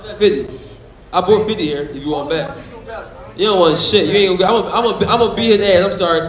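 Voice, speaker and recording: A high-voiced man trash-talks a rival at a press conference. He is boastful and profane, laughs often, and keeps cutting himself off to start again. The sound is echoey and roomy. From Philadelphia. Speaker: boxer.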